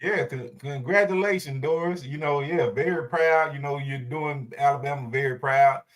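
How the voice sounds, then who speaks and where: A man talking sports on a panel, relaxed and rambling with many filler phrases. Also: fairly high pitch, normal speed. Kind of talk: casual sports chat.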